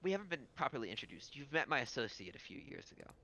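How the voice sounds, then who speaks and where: A man's voice: medium pitch, very animated, very fast, sharp tone. Man doing a taunting female jester. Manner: taunting, smug. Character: mocking cruel female jester.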